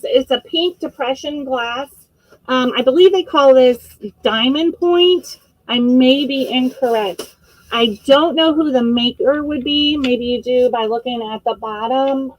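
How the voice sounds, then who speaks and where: Unhurried, dry-sounding woman auction host. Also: fairly high pitch, dry recording, low-quality recording. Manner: chatty and friendly, describing items with frequent fillers and self-corrections. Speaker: host of a live online vintage auction. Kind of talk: casual live-stream selling.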